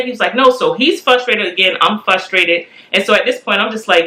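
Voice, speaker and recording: A woman in her forties telling a candid family story in a lively way, acting out the voices of the people in it. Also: medium pitch, quick pace, few pauses. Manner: animated, acts out quoted voices. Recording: echoey room.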